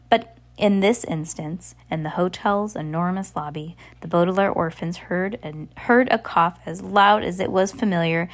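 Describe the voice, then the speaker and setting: A woman reading a novel aloud, often stumbling over words and restarting. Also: mid-range voice. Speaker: audiobook reader.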